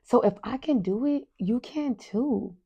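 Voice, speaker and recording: Warm-voiced middle-aged woman hosting a podcast. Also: on the high side, measured pace, gravelly, breathy edge, lo-fi sound. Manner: chatty and earnest, often asks "right?" and addresses listeners as "you guys". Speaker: parenting podcast host. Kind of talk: casual motivational podcast monologue.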